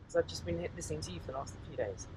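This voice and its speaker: High, lively man joking on a bus. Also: rapid-fire. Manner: playful, excitable, trying out a Yorkshire accent. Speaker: bandmate. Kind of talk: casual banter on a tour bus. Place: inside a moving tour bus. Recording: noisy bus interior.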